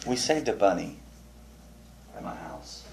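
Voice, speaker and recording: A man teaching a small Bible study group, chatty and animated, asking questions and telling funny stories. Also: lowish voice, measured pace, vocal fry. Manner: tells funny anecdotes with restarts. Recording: roomy, distant mic, faint noise.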